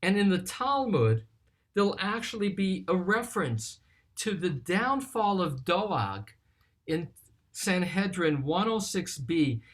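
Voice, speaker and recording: A teacher giving a recorded study lesson on a psalm, reading verses aloud and explaining them in a slow, deliberate way. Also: mid-range voice, very animated. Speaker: teacher of scripture.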